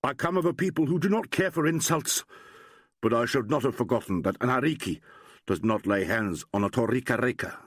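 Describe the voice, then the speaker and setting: A man's voice: medium pitch, a little fast, slightly rough, dry recording, studio quality, lightly acted. A man voicing a proud, formal male doctor who speaks in stiff, precise sentences. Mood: solemn.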